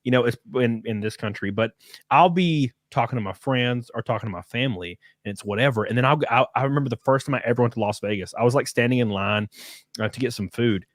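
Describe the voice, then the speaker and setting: A man's voice: mid-range voice, fast, dry recording, clean studio sound. A man from Alabama with a thick Southern accent, hosting a casual live stream and chatting loosely, cursing now and then. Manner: loose, excitable, swears casually. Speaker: stream host. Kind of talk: casual chat.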